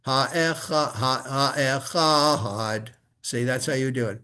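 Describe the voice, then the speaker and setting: Medium in pitch, this man's voice is smooth yet pushed and bright. Teaching a female student to chant Hebrew scripture one-on-one, the rabbi works slowly and patiently, modeling each word for her to echo back.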